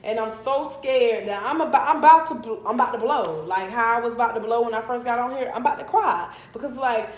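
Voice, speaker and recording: Blunt, animated young woman. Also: on the high side, fast talker, hardly any pauses. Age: young adult. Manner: animated, blunt, swears often. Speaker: vlogger telling a storytime. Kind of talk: casual livestream storytime. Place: her apartment, indoors. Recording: echoey room.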